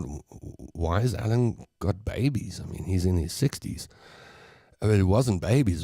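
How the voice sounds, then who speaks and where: A South African man with a fairly low, mellow and husky voice runs a laid-back livestream chat from a home studio. He's chatty and rambling, reading viewers' comments aloud, telling stories and chuckling at his own jokes. The sound is dry and studio quality.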